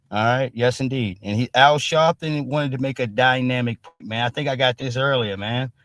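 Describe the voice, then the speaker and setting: This live-stream host speaks at medium pitch, with no echo on the recording. His commentary is casual, blunt, and full of profanity and street talk, and he emphatically punctuates things with "all right?"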